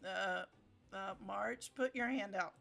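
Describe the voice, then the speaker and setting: A woman streamer talks through a video game live, unhurried and playful. Her voice is bright and clear at a middle pitch, and she laughs easily between comments. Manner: playful, giggly.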